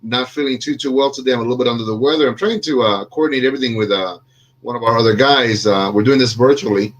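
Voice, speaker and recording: A man's voice: mid-range voice, fast. Rambling, jokey man on a video call. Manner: jokey, self-deprecating, rambling with many fillers. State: under the weather. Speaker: podcast host. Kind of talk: casual video chat.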